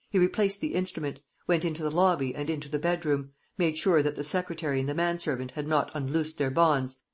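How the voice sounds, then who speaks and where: Audiobook narrator, steady and measured, husky voice, mid pitch. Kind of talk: scripted narration.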